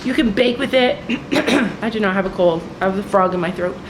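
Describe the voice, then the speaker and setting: A woman vlogging outdoors on a snowy farm, chatting excitedly to her viewers and often repeating herself. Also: medium pitch, normal speed, background noise. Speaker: vlogger on a family homestead. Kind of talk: casual vlog talk to camera.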